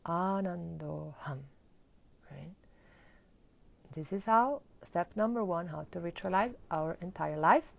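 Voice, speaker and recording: A woman's voice: lowish voice, animated, a little slow, creaky. A woman teaching a live-streamed mantra lesson, explaining and chanting with laughter. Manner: acts out groggy morning complaints. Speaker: spiritual teacher.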